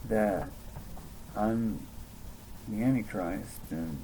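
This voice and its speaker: A man's voice: fairly low pitch, drawn-out words, dark tone, slight background noise, rough recording. A young man telling a rambling personal story in a casual monologue, with many restarts and swearing. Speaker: vlogger.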